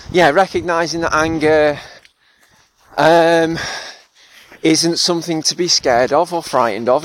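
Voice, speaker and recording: A man's voice: medium pitch, slight background noise. Reflective man, thoughtful and self-deprecating. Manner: thoughtful and self-deprecating, with frequent laughs and fillers. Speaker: podcast host and therapist. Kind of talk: reflective solo podcast monologue.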